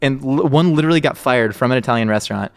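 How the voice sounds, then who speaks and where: A man's voice: mid-range voice, fast, creaky. A young man co-hosting a podcast in casual chat, rambling and joking with lots of fillers. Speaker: podcast co-host, chef.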